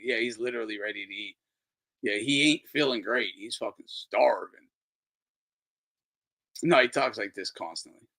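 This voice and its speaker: A man's voice: mid-range voice, pushed and bright. A man hosting a casual boxing talk livestream, rambling and swearing as he reacts to clips. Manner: profane, rambling, incredulous. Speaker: boxing talk show host. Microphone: streaming microphone.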